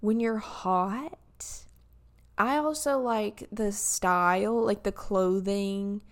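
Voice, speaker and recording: A woman's voice: mid-range voice, very slow. Chatty young woman reading posts aloud. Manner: chatty and animated, many "like" fillers and restarts. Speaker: video creator reading and reacting to opinion posts. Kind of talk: casual reaction chat, reading posts aloud.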